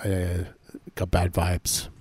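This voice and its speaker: Very deep, deadpan man. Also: drawn-out words, husky, no room sound. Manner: dry, deadpan one-liners. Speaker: podcast co-host. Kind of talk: casual comedic chat.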